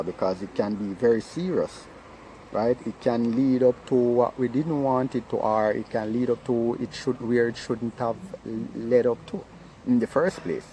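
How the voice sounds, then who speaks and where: A man speaks in an informal advice talk on relationships. His voice is warm and darker in tone. He circles back over his points, repeats himself, and keeps checking in with his listeners. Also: medium pitch, slight background noise, low-quality recording. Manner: earnest, repetitive, keeps asking "right?".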